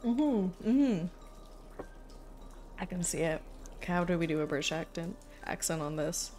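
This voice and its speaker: A woman's voice: lowish voice, animated, unhurried, a little mellow, slight background noise. A young woman streaming a game, chatting casually in a giggly, flustered way, full of likes. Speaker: variety streamer.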